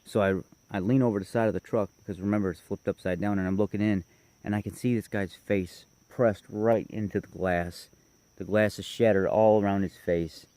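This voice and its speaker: A man's voice: fairly low pitch, fairly even intonation, normal speed, dark tone, no echo. A man casually telling a long personal story, rambling and correcting himself as he goes. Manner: rambling, self-correcting, detailed.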